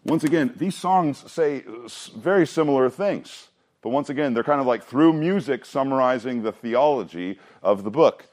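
A man teaching a Bible class in a relaxed, conversational way. His voice sits at an ordinary middle pitch. He keeps turning to the room with questions and small jokes. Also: moderate pace. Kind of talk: casual teaching to a group.

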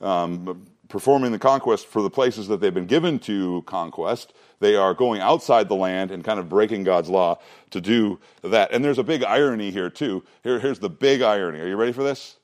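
A man's voice: fairly low pitch, moderate pace. A man teaching a Bible lesson to a class, conversational and emphatic, asking questions and repeating points. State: out of breath.

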